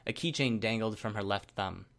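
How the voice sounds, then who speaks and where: A man reading a first-person story aloud in a steady, measured narration. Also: fairly low pitch, creaky. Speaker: audiobook narrator.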